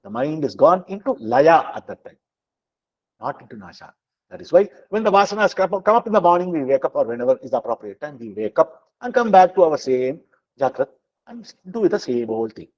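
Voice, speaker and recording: A man teaching a scripture lesson, explaining slowly with many fillers and chanting verses. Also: fairly high pitch, very animated, lo-fi sound. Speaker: spiritual teacher.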